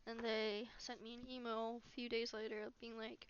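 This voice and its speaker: A young woman venting in a casual, rambling monologue, halting often, swearing a lot and dropping to a near whisper. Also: on the high side, flat delivery, fairly bright tone, clear, resonant tone. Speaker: vlogger. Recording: dull lo-fi recording.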